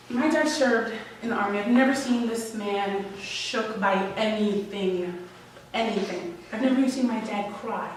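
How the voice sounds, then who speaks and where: A woman's voice: fairly high pitch, slight background noise. Candid woman telling a story live, echoey. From Washington Heights, New York. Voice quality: candid, wry, emotional. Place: live story slam venue. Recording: echoey room, distant mic, faint ambience.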